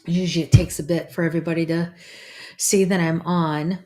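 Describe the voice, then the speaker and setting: A woman's voice: fairly low pitch, level tone, a little fast, a little mellow. A woman, a psychic medium, hosting a casual livestream in a chatty, rambling way and greeting viewers by name.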